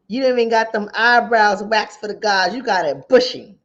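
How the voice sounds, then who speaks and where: A woman's voice: mid-range voice, moderate pace, hardly any pauses, lo-fi sound. A woman relationship coach, giving emphatic, repetitive commentary straight to her viewers. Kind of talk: casual commentary to camera.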